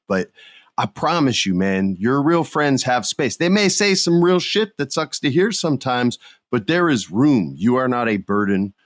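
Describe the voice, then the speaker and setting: A man's voice: medium pitch, dry recording. Slangy laid-back man, dry close sound. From United States. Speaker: podcast host. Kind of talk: casual chat.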